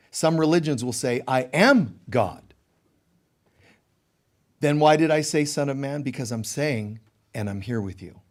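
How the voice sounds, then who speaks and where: A man with a fairly high voice delivers a casual, conversational sermon. He shifts between quiet, intimate stretches and lively, joking asides, and he is in his middle years. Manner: conversational, animated, jokey asides. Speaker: spiritual teacher.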